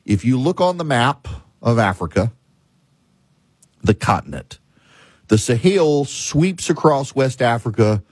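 Husky-voiced man commentating. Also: medium pitch, big pitch swings, unhurried, pauses often, dry recording. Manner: emphatic, lists and repetitions, frequent restarts. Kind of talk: opinionated political monologue.

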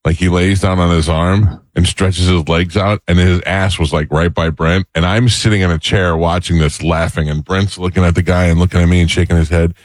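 A man's voice: sits low, steady tone, brisk, few pauses, no room sound. A middle-aged man hosting a radio show, telling rambling comic stories in casual banter.

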